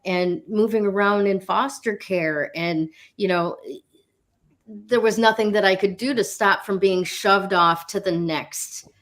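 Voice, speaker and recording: A woman's voice: medium pitch, unhurried, a bit bright. A middle-aged woman co-hosting a spiritual talk show, telling a personal story in a candid, casual way with frequent fillers and the odd swear word.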